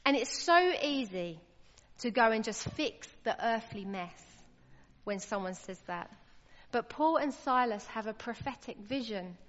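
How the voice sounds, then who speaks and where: A woman's voice: fairly high pitch, animated, unhurried. A woman preaching a sermon, earnest and emphatic, her voice rising when she stresses a point. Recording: lo-fi with long hall reverb.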